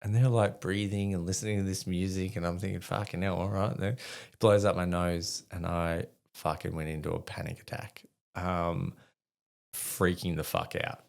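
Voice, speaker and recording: Gravelly low-voiced Australian man. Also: little pitch movement, normal speed. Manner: vivid, swears freely, many fillers. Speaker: podcast guest, army veteran. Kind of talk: casual storytelling in conversation.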